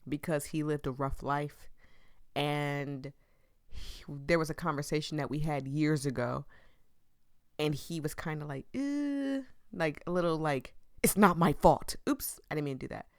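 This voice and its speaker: Low-voiced young woman chatting over a game. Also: clean tone, no echo, studio quality. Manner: chatty, laughing asides and put-on quotes. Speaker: game streamer. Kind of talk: casual game commentary.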